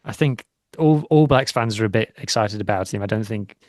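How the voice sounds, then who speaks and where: A man's voice: on the low side, brisk, no room sound, studio quality. A man co-hosting a rugby podcast, chatting casually in a chatty, self-deprecating manner. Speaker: podcast co-host. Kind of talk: casual chat.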